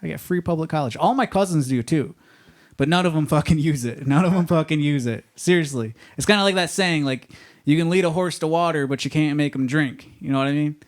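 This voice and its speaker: A man works a comedy club stage with a loose, rambling stand-up set, forever checking in with the crowd. His speaking voice sits a little high for a man. He talks into a handheld stage microphone. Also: fairly quick. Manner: rambling, conversational, leans on "you know what I mean".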